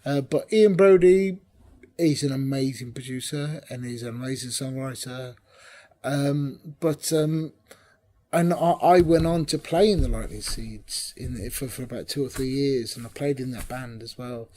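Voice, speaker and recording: Male musician guest, husky voice, chatty anecdotal storyteller. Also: medium pitch, moderate pace. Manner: chatty storyteller, lively, drops to a whisper for emphasis. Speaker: bassist and drummer interviewed about his band. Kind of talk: casual anecdotal interview.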